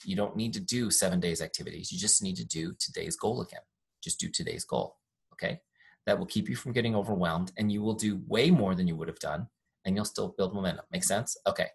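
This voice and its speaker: Young male trainer, husky tone, upbeat, chatty, jokey, demoing software from a home-office mic. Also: on the low side. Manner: upbeat, chatty, self-deprecating jokes. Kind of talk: live online training with screen demo. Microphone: desk microphone.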